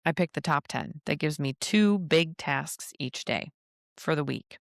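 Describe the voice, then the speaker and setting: A woman's voice: deep voice, lively intonation, unhurried, vocal fry, no echo, clean studio sound. A woman hosting a solo podcast, giving casual business advice in a chatty way with frequent laughs and playful asides. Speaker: podcast host and travel advisor.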